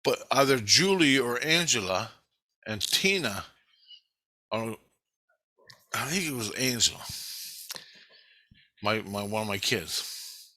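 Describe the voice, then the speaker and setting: A middle-aged man rambles through a long personal story, swearing often and doubling back on himself. His voice has a hard, bright edge. The sound is close and dry. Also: medium pitch, expressive, slow, long pauses, no echo. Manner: rambling, profane, retelling a dream. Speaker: vlogger. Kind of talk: casual storytelling monologue.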